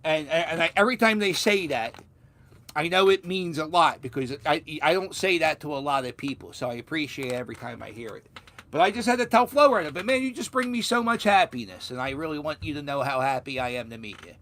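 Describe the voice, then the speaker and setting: A man's voice: fairly high pitch, lively intonation, fast talker, a bit bright. A man from Philadelphia with a Philadelphia accent, telling a story in a casual vlog, rambling with restarts and the odd swear word. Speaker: vlogger.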